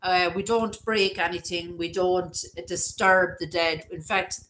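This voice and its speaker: A woman's voice: fairly low pitch, fairly even intonation, a little slow, a bit bright, a little hiss or hum, poor audio. A middle-aged Irish woman hosting a live stream, chatting casually and reading viewer comments aloud. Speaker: livestream host.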